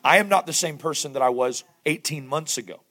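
A man with a Southern accent preaching a sermon, his voice hoarse and strained, asking the congregation questions as he goes. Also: on the high side, a little fast, bright, forceful tone. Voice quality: gravelly. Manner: conversational preaching with rhetorical questions. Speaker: pastor.

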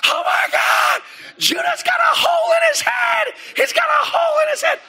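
A man's voice: extremely high pitch, fairly even intonation, moderate pace, pushed and bright, shouting, some chatter behind, pitched above the performer's own voice, heavily acted. A man voicing a frantic little girl who is crying and screaming in panic.

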